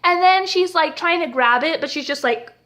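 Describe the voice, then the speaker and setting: A woman's voice: high-pitched, moderate pace, sharp tone. A young woman recapping a TV episode in a casual, sarcastic way, laughing often as she retells scenes. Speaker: TV episode reviewer.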